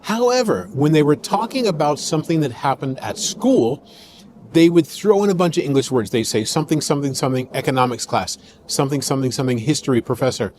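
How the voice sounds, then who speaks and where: A man's voice: fairly high pitch, lively intonation, fast, darkish tone. An American man hosting a podcast, explaining points in a conversational, listing manner and acting out quoted speech. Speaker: podcast host. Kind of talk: explanatory commentary.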